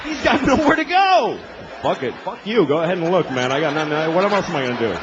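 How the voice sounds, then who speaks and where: Lively-pitched man in his forties doing stand-up. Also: fast, muffled recording, crowd noise, background noise. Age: 40s. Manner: profane, exasperated, self-deprecating; acts out quoted voices with big pitch swings. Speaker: stand-up comedian. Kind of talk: stand-up routine.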